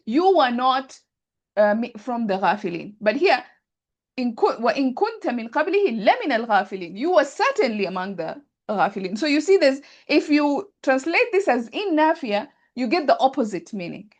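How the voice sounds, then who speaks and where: A woman's voice: high-pitched, big pitch swings, moderate pace. A woman teaching Arabic grammar in an online class, thinking aloud and often checking that students follow. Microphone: video call.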